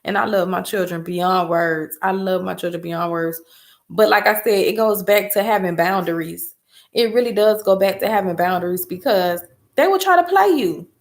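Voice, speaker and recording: A mother chatting casually as a host, telling a story in an emphatic, animated way. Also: medium pitch, normal speed. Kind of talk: casual chat.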